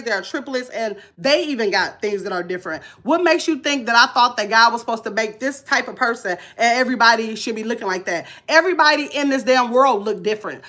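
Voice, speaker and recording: Nasal, bright-voiced woman in her fifties. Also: sits high. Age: 50s. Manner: blunt, preachy, reads comments aloud. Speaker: vlogger. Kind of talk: casual live-stream talk.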